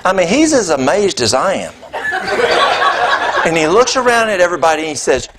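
Animated male preacher telling stories. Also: high-pitched, brisk, long pauses, very noisy. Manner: animated, conversational storyteller. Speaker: pastor. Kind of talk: sermon with personal storytelling. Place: church.

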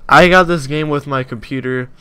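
A young man casually commenting on a video game he plays, joking and swearing with loud mock-dramatic outbursts. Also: fairly high pitch, moderate pace, clean tone. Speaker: gameplay commentator. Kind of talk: let's play commentary.

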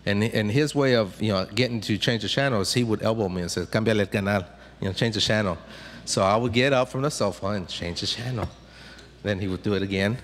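A man's voice: on the low side, fast talker, a little hiss or hum. A man telling humorous personal stories to a student audience. He is chatty, often checks in with "right?", and repeats and restarts his words. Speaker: motivational speaker to students. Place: large hall, speaking to a student audience. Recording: long hall reverb.

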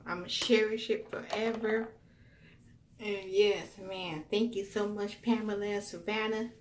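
A woman's voice: mid-range voice, fairly even intonation, measured pace, slight background noise. A young woman in a casual unboxing vlog, gushing over gifts and a little teary. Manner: gushing, exclaims "wow" often, addresses viewers as y'all. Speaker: vlogger.

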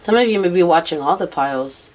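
A woman's voice: lowish voice, lively intonation, fast talker, darkish tone, poor audio. A woman giving a casual tarot reading to camera, rambling through what she senses, her voice worn out and tired. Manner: intuitive, rambling, mutters what she hears. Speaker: tarot card reader.

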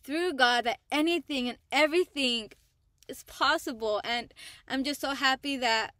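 A woman vlogger giving a casual, heartfelt personal testimony about her faith, in a slangy style with pauses and restarts. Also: high voice, bright, forceful tone, no echo, clean studio sound. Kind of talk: candid personal testimony to camera.

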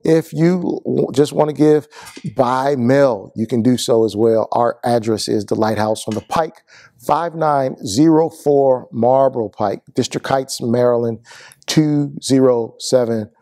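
A man preaching as pastor, giving announcements and a closing benediction, earnest and repetitive, going slightly hoarse. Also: mid-range voice, measured pace, dark tone, no echo. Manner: earnest, repeats words, rising to a fervent benediction. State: losing his voice.

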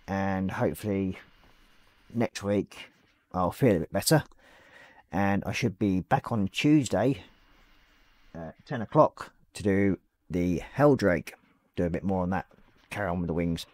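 A man hosting a live hobby stream, hoarse and losing his voice, casually talking through a miniature build and apologising. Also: deep voice, expressive, measured pace, long pauses, darkish tone, no echo. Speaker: hobby livestream host.

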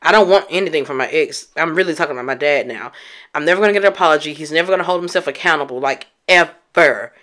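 A woman's voice: low-pitched, fast talker, fairly bright tone. A woman hosting a podcast, telling a personal story in a candid, emphatic way and addressing listeners directly. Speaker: podcast host.

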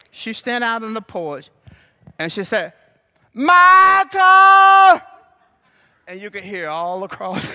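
Preacher guy, high bright voice, does call and response and gets loud. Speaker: pastor. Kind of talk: sermon. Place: church sanctuary.

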